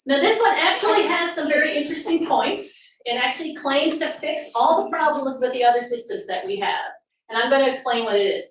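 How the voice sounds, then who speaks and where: A woman's voice: sits high, lively intonation, fairly quick. Sarcastic woman speaking in an echoey hall. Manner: sarcastic, rhetorical questions to the audience. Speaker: speaker at a political summit. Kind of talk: presentation talk. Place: meeting room with audience. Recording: very echoey room from far off, faint noise.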